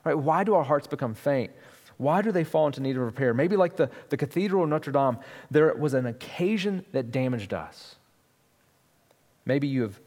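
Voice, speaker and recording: A man's voice: mid-range voice, long reverb tail. A man preaching a sermon as pastor, talking in a conversational way with frequent asides to the congregation.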